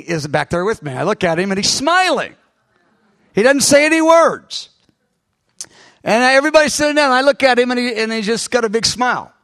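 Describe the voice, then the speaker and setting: A man preaching a sermon, retelling a dream in an animated way with many restarts and sound words. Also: high-pitched, no room sound. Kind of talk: sermon storytelling.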